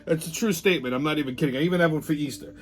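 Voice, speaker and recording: A man's voice: a little high, very fast. A middle-aged man, hosting a casual monologue show, blunt, profane and ranting. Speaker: podcast host.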